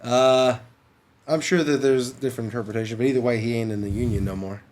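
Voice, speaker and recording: A man who is a paranormal investigator, telling lively stories in a casual podcast chat. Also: medium pitch, fast talker. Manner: animated storyteller, laughs while talking.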